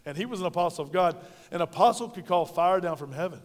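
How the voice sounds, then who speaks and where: A man's voice: sits high, lively intonation, fast talker. A pastor preaching a sermon in a folksy, direct way, talking to his congregation. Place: church sanctuary. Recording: reverberant church hall.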